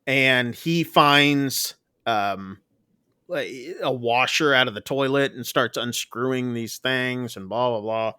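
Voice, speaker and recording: Casual male co-host, bright forceful voice, dry close sound, rambling recap. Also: medium pitch, clean tone, dry recording. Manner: rambling, filler-heavy storytelling with quick jokes. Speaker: podcast co-host reviewing a film. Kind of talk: casual chat, recapping a plot.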